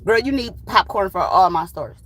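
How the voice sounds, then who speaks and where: A woman's voice: medium pitch, lively intonation, brisk, fairly bright tone, slight background noise, rough recording. Blunt, profane woman telling a story. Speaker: tarot channel host. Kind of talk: casual storytime.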